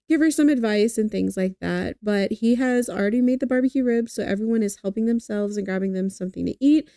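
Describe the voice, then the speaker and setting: A woman's voice: mid-range voice, fast talker, mellow, no room sound, clean studio sound. A young adult woman narrating a life-simulation game, who chats with her viewers directly and laughs easily. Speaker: game streamer.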